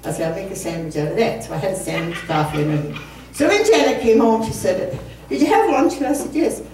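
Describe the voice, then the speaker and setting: Speaking fast in a warm, expressive, medium-pitched voice, a woman in her 70s laughs at herself while telling a rambling, humorous story to a live community concert crowd. The mic sits far off in an echoey community hall with faint room noise.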